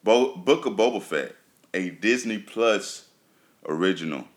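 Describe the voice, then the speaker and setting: A man with a very low voice gives a loose, chatty run-down of TV shows for his viewers. He often pauses on "um" and says his points twice for emphasis. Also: expressive. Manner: loose and chatty, many fillers and repeats. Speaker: TV show reviewer. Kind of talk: casual chat to viewers.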